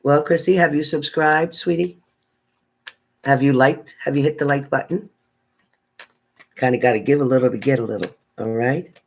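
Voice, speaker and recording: A woman's voice: very deep voice, steady tone, normal speed, long pauses, a little mellow, a little hiss or hum, poor audio. Chatty woman greeting live-stream viewers. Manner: chatty, reads out viewer names, stumbles over names. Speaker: tarot reader greeting live chat. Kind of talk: casual live-stream chat.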